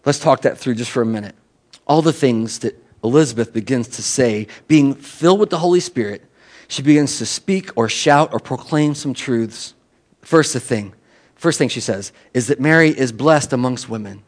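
A man's voice: mid-range voice, normal speed. A man preaching a sermon in a loose, conversational way, often restarting his sentences. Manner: conversational, with frequent restarts and asides. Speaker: pastor.

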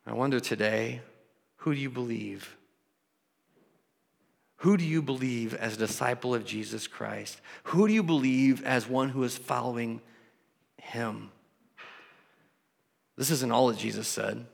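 A man preaching a sermon and leading prayer as pastor, emphatic, with dramatic pauses. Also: medium pitch, gravelly. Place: church sanctuary. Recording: long reverb of a large hall.

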